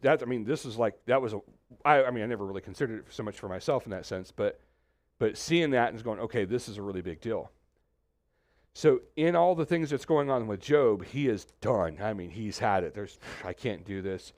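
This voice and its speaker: A man preaching a conversational sermon as pastor, animated, acting out quoted voices, with many restarts. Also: on the low side, no echo. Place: church suite, indoors.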